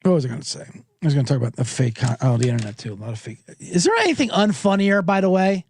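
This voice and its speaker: A man's voice: on the high side, sing-song, quick pace, darkish tone, husky, no echo. A middle-aged man hosting a podcast, ranting in a sarcastic comedic monologue and swearing freely. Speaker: podcast host.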